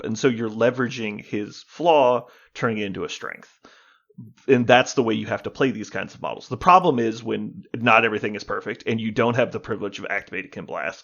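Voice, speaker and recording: A man's voice: on the low side, gravelly, a bit bright, muffled recording. A man co-hosting a podcast in casual gaming chat, explaining at length, swearing and laughing as he talks. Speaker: podcast co-host.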